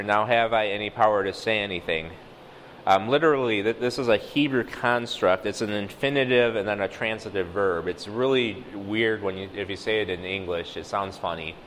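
A man's voice: sits low, a bit bright, big-room sound, slight background noise, rough recording. A man teaching a casual sermon, talking through a passage with many fillers and acting out quoted dialogue. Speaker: lay preacher.

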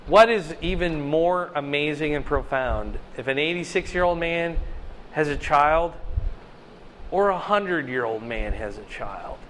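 High-voiced man leading a bible study. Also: expressive, unhurried, fairly bright tone, slight background noise. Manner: chatty, asks the group questions. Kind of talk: conversational bible study teaching.

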